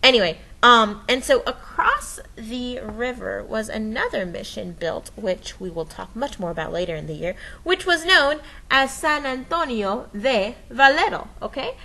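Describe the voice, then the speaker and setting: A woman's voice: fairly high pitch, lively intonation, measured pace, vocal fry, hardly any pauses, sharp tone, low-quality recording. A woman presenting a recorded history lesson, explaining step by step in a playful, enthusiastic way with dramatic sound effects and frequent checks like "okay?".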